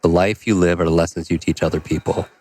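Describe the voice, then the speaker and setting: A man telling a personal story as a podcast guest, energetic and acting out the dialogue. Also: low voice, fast talker. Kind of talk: conversational storytelling.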